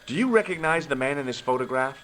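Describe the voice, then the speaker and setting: A man playing a sardonic adult male amateur detective who narrates and questions people with deadpan wisecracks, in a game with faint music. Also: medium pitch, fast, close to an everyday voice. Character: wry adult male detective, dry humor.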